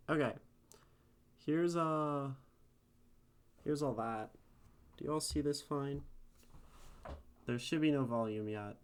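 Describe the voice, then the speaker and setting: A man's voice: mid-range voice, slight background noise. A man streaming live who reads a poem aloud and then chats casually with viewers, laughing often.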